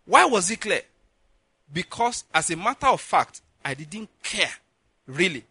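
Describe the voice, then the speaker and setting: Dry audio captures a Nigerian preacher whose voice sits high with a breathy edge. He's an animated storyteller, telling a personal story in his sermon, acting out dialogue and laughing frequently.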